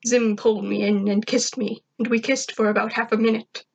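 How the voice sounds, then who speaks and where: A woman reading fan fiction aloud in plain, even first-person narration. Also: a little high, fairly quick, vocal fry. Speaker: reader.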